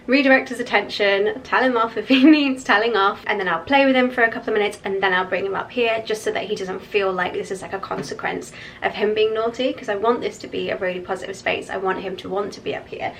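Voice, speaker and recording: A young woman vlogging at home, speaking in a relaxed, chatty way with plenty of fillers. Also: mid-range voice, fast, hardly any pauses, a little hiss or hum, rough recording. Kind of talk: casual chat.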